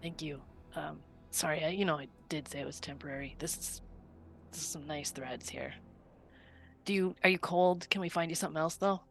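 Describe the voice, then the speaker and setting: A woman's voice: sits low, brisk, vocal fry, soft background music. A woman voicing a wounded female adventurer who talks in casual, wry banter.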